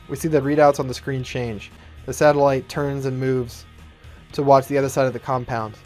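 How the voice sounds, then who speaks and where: A storyteller narrates his own fan-written action script in a brisk, matter-of-fact way, his pitch even and middling. Soft guitar music plays faintly in the background.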